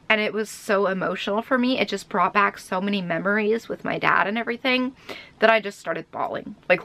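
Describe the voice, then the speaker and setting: A young woman talks to her camera in a casual vlog, her voice bright and at an ordinary middle pitch for a woman. She rambles through a personal story in an emotional, heartfelt way. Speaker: vlogger.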